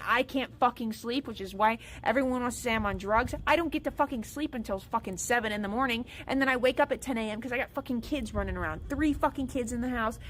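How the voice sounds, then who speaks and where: A woman's voice: on the high side, fairly bright tone, slight background noise, low-quality recording. A woman streamer in an angry, upset rant, swearing and repeating herself.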